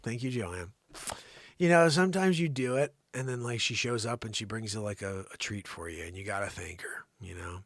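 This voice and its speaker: A man hosting an improvised live comedy show, teasing and rambling, swinging from loud shouts to hushed whispered asides. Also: lowish voice, normal speed.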